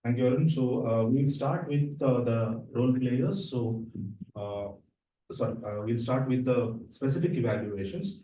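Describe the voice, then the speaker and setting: Man, mellow voice, general evaluator, echoey room, distant mic. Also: mid-range voice, a little slow. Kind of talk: meeting moderation.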